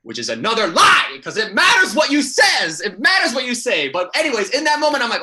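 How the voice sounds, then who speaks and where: A young man from Miami performing stand-up comedy with animated, self-deprecating storytelling. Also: very high voice, brisk, hardly any pauses. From Miami, United States. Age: young adult.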